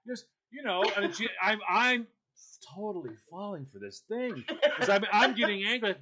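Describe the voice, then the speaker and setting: A man's voice: high voice, moderate pace, a crowd in the background. A man, a guest on a talk show, telling a casual story and acting out the other people's voices in it. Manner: animated, acts out the other voices in his story.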